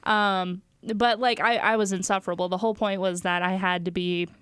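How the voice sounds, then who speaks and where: A young woman co-hosts a podcast, trading stories in loose, casual conversation full of fillers and frequent laughter. Her voice sits at a medium pitch with a steady, smooth, slightly bright tone, and she talks fairly quickly. The recording is dry.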